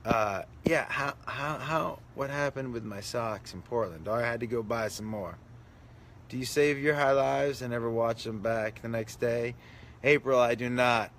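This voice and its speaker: A man's voice: mid-range voice, normal speed, fairly bright tone, slight background noise. A man, a comedian, chatting casually on a live stream, reading comments with self-mocking, mock-indignant jokes.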